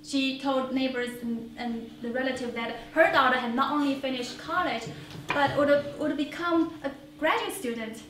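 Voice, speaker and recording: A high-voiced woman tells her own story in a one-woman stage monologue, earnest and reflective. Her voice fills a roomy theater and is picked up from a distance, with faint hiss underneath. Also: normal speed. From China. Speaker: solo stage performer. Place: small theater stage before an audience.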